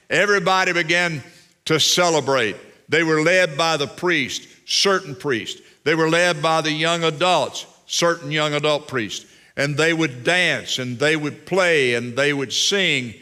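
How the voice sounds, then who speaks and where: A man's voice: a little high, bright, forceful tone. A man preaching a sermon as pastor, emphatic and fond of repeating phrases for weight.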